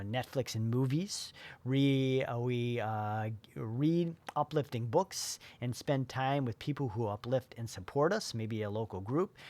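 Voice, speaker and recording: Rambling motivational coach, a man. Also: mid-range voice. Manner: rambling, many fillers and restarts. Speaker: life coach. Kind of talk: motivational talk.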